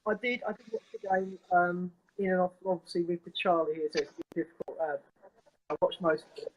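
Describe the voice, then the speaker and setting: A man's voice: sits high, fairly even intonation, brisk, lo-fi sound. A man on a video call giving his opinions on a football match, earnest and opinionated. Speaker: caller. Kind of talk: casual football chat.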